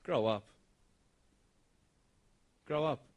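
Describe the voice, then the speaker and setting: A man delivering a motivational speech at a school assembly, emphatic and swinging from loud bursts to hushed intensity. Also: fairly high pitch, very slow, lo-fi sound. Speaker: motivational speaker.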